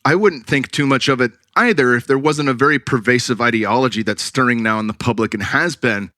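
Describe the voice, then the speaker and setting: Blunt, bright-voiced male podcast host. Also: mid-range voice, brisk, no echo, clean studio sound. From California Bay Area, USA. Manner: blunt, swears freely, animated opinions. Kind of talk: casual podcast conversation.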